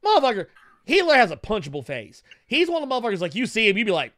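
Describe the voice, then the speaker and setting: A man co-hosting a podcast, riffing in profane, animated casual commentary. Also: high voice, rapid-fire, no room sound, clean studio sound. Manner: animated, swearing, laughing, mocking voices. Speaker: podcast co-host.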